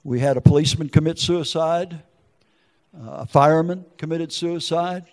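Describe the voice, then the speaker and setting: A man's voice: fairly high pitch, moderate pace, big-room sound. Older man giving an emotional testimony. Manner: emotional storytelling with acted quotes. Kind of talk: testimony sermon.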